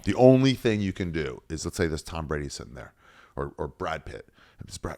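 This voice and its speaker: A man chatting casually as a podcast guest, with a fairly low voice. He riffs freely and jumps between mock voices and quiet asides, so his pitch moves around a lot. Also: sing-song, fast talker, no room sound, studio quality. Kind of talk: casual chat.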